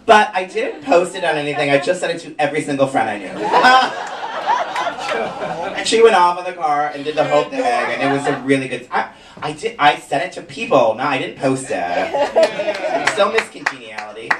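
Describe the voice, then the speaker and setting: A man performs live stand-up as a drag comedian, camp and bawdy, often breaking into laughter. His voice sits high and swings widely. The recording is distant and roomy, with heavy noise behind it. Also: big pitch swings, a little fast, over a noisy crowd. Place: small cabaret theater stage.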